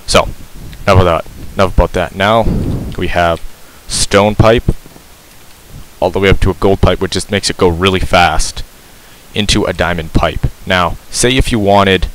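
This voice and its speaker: A man with a low voice talks through a game tutorial in a loose, rambling way, stopping to correct himself and filling gaps with ums. His heavy breathing comes through clearly on a cheap mic pressed close to his mouth, over a faint hiss. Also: normal speed, a bit bright, poor audio. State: breathing heavily. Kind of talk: casual gameplay tutorial.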